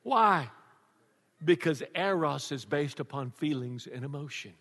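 Older pastor preaching, high bright voice, jokey and lively, long church reverb. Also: male voice, unhurried. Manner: animated, joking storyteller who laughs often. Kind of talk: sermon. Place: church before a congregation.

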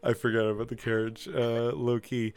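A man's voice: mid-range voice, flat delivery, moderate pace, clean tone. A man running a live tabletop game as game master, narrating casually with many fillers and restarts.

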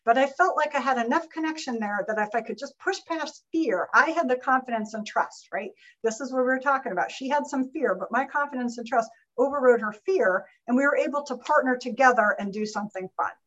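Woman guest, higher-pitched and lively, webinar story over muffled audio. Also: fairly quick, few pauses. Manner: animated, lively anecdotal telling. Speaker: guest speaker.

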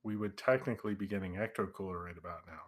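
Male podcast co-host, low pitch, wry casual remarks. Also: fast. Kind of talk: casual chat.

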